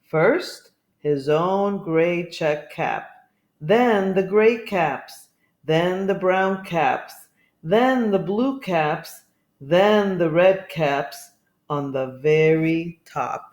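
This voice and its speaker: A woman reading a children's picture book aloud, expressive and asking listeners questions. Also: lowish voice, drawn-out words. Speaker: storybook reader. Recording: echoey room.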